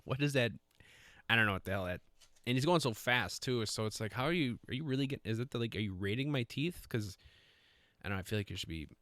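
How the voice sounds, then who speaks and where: Man, podcast host, casual rambling chat, self-deprecating, lowish voice, dry close sound. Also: a bit bright, no echo. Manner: rambling, self-deprecating, lots of fillers and restarts.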